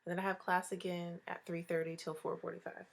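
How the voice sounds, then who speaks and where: Congested chatty young woman, low voice. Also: level tone, a little fast, vocal fry. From Hawaii. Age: 20s. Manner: chatty, upbeat and talkative. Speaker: beauty vlogger. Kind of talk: casual makeup tutorial. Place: home, early morning.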